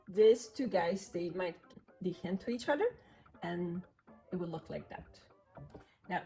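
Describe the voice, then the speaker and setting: A woman's voice: on the low side, animated, unhurried, mellow. A woman giving a beginner piano lesson, patiently counting beats and chanting rhythm syllables aloud. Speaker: piano teacher.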